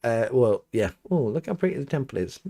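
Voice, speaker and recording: A man's voice: mid-range voice, sing-song, fairly quick, dark tone. A middle-aged man, a priest hosting a live question-and-answer stream from his home studio, talks casually and rambles with many restarts and fillers.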